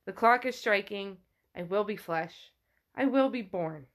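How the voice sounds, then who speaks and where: A woman's voice: medium pitch, lively intonation, unhurried, fairly bright tone. A woman reading as a pleading newborn spirit. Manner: pleading, insistent. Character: demanding newborn male spirit being.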